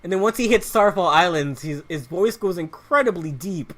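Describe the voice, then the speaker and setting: A man's voice: high-pitched, lively intonation, normal speed, a bit bright. A man with a slightly raised voice rambles through his gameplay in a loose, offhand way. He drifts between stories and muttered asides on the game in front of him, restarting his sentences as he goes. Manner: muttered asides about the game while playing. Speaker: let's play commentator. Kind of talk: casual gameplay commentary.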